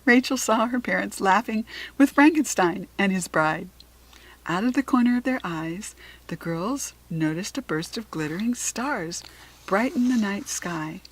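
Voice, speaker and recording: A woman reading a children's storybook aloud, slow, clear and expressive. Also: mid-range voice, rough recording. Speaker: storybook reader.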